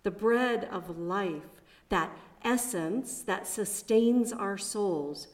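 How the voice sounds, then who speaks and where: A woman preaching a sermon at a chapel, measured and reflective, with personal asides. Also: medium pitch.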